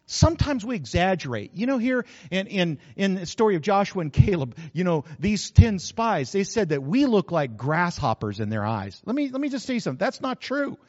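A man's voice: high-pitched, very animated, normal speed, few pauses, darkish tone, in a large hall, muffled recording. A male pastor preaching a sermon, folksy and joking, with frequent asides to the congregation.

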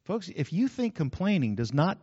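A pastor preaching in a high, very animated voice, folksy and full of jokes and asides to his congregation. His voice rings through a large, reverberant sanctuary. The recording sounds slightly muffled. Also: normal speed, husky. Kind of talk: sermon.

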